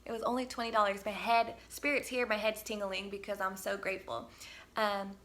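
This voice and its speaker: A woman's voice: mid-range voice, flat delivery, a little fast, fairly bright tone. A woman giving a casual spiritual vlog talk outdoors, upbeat and encouraging, rambling with many fillers and restarts. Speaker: spiritual healer and channel. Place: outdoors on a windy day.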